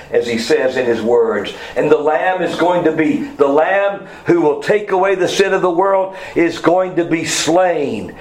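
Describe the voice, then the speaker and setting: A man preaching a sermon, teaching verse by verse with quick asides and self-corrections. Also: mid-range voice, roomy sound, low-quality recording. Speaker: pastor. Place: church sanctuary.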